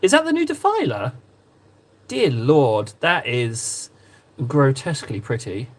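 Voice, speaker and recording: A man's voice: mid-range voice, big pitch swings, measured pace. A man live-streaming as he paints miniatures, chatting playfully and rambling to his viewers. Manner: playful, rambling, talks to chat while painting. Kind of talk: casual live-stream chat.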